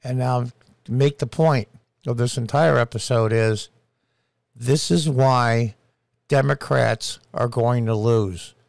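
A middle-aged man giving indignant opinion commentary, hitting key phrases slowly and emphatically. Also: mid-range voice, creaky, darkish tone, no room sound, studio quality. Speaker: political commentator.

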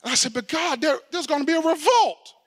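A middle-aged man preaching a sermon as pastor, telling a story, acting out the people in it and shouting for emphasis. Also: very high-pitched, brisk.

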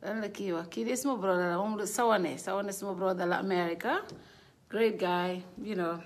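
Woman hosting a live stream: loose, chatty, quick to laugh, greets viewers by name. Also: mid-range voice. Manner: chatty, laughing, reads out viewer names, switches between languages. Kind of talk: casual live stream chat. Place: indoor studio.

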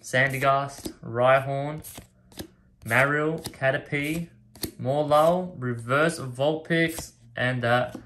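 A man casually opens card packs, reading each card's name aloud one by one and getting excited over the rare pulls. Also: mid-range voice, slow, a little hiss or hum. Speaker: card collector opening packs. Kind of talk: casual pack-opening commentary. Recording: card and wrapper rustling behind voice.

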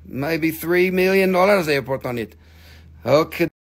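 Gravelly, profane man hawking stones. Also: a little high, normal speed. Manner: joking and profane, with loose broken grammar. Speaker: host selling crystals on a live stream. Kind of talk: casual live-stream sales pitch. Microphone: phone.

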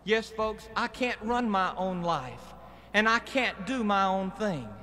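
A man's voice: high-pitched, takes it slowly, big-room sound. A man with a Southern accent giving a plain-spoken, earnest personal testimony from a stadium stage, in an old archival live recording. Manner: earnest, plain-spoken, steady preaching cadence. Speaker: guest speaker giving testimony. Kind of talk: evangelistic testimony speech. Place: outdoor stadium rally.

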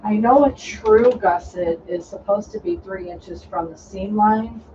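A host giving a casual, step-by-step sewing tutorial, explaining calmly while cutting fabric. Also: medium pitch, measured pace, slight background noise. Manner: relaxed, instructive, talking while cutting fabric. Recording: distant dull lo-fi sound with faint room ambience.

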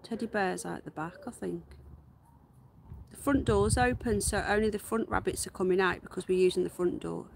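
A woman hosting a casual livestream, unwell with her voice going, chatting to viewers and cooing at her pets in a high, slow baby voice. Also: steady tone, vocal fry, husky. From United Kingdom. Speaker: livestream host. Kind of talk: casual live-stream chat. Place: garden outdoors.

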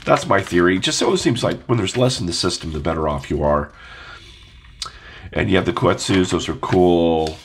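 A man's voice: deep voice, a little fast, a bit bright, husky. A man with a stuffed-up nose talking casually to camera, musing and asking his viewers questions. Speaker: audio vlogger.

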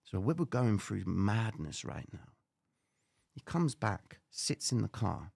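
A man hosting a live stream, telling a dramatic personal story with lively slang. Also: lowish voice, slow, gravelly. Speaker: trading show host.

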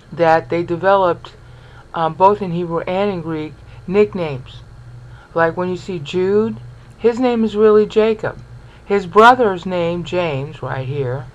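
In a muffled recording, a woman with a fairly low voice teaches a Bible lesson over on-screen text. She explains as she goes, sounds words out syllable by syllable, and checks in with "okay?" and "all right?".

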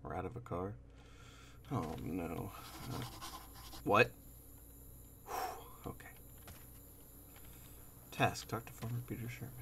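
A man's voice: low voice, slow, vocal fry, long pauses, noisy background. A young man commentating as he plays a horror game, jumpy and cursing, often dropping to a scared whisper. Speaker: gamer playing a horror game. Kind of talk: let's play commentary.

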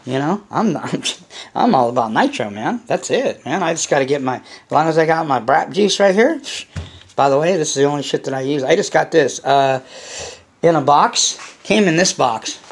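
A man's voice: a little high, expressive, normal speed, slightly rough. A man hosting a casual unboxing vlog, rambling and blunt, swearing freely as he talks to his viewers. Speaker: hobby channel host.

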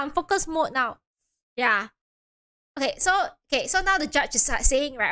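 A woman's voice: high-pitched, lively intonation, normal speed, bright, forceful tone. A young woman streaming a game, chatting casually, giggly and apologetic, often trailing off and repeating herself.

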